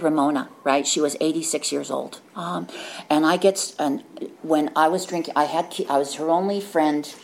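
A woman's voice: low voice, gravelly, darkish tone, slight background noise. A woman giving a candid, rambling personal testimony at a recovery meeting, often tagging on "right?" and correcting herself mid-sentence. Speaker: speaker sharing recovery story.

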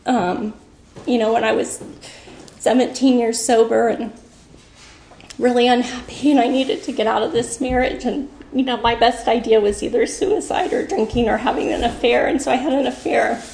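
Woman, fifties, talking at a recovery meeting; gravelly, slightly higher voice, rambling and filler-heavy, in a reverberant room. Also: fairly even intonation, normal speed, darkish tone, a little hiss or hum. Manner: rambling, many fillers, laughs through emotion. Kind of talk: personal share at a meeting. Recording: echoey room.

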